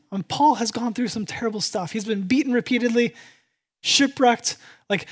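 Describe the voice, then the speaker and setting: Animated, emphatic preacher. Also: medium pitch. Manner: animated and emphatic, swinging from loud to hushed; repeats key phrases for effect. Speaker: pastor. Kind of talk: sermon.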